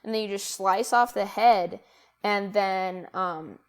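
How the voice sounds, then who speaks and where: Speaking slowly in a mid-range voice, this young podcast co-host chats casually. She meanders as she talks, often using fillers and starting sentences over.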